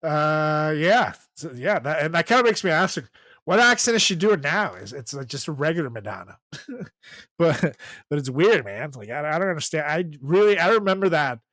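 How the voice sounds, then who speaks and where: Man, 30s, podcast co-host, profane comedic chat, slightly high pitch, dry sound. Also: normal speed, no echo. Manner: profane, laughing, animated riffing.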